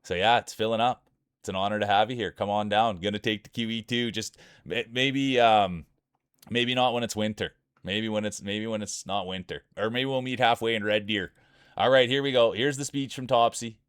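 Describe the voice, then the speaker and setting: A man's voice: fairly low pitch, moderate pace, clean tone, no room sound, studio quality. Hyped Canadian man calling marble races. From Saskatchewan, Canada. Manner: energetic, hyped announcer-style banter with chat. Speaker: streamer hosting marble races. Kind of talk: live-stream commentary.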